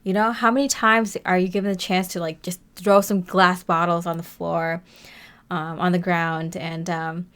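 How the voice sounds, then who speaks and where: A tarot reader chats through a casual reading for her viewers, rambling with lots of fillers and frequent laughter. Her fairly low voice is smooth and a bit bright, with little pitch movement and a moderate pace.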